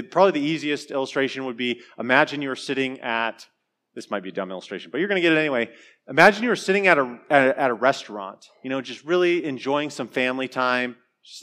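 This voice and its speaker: A man's voice: mid-range voice, fairly bright tone. A man preaching a sermon in a conversational way, with joking asides and hesitant restarts. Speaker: pastor.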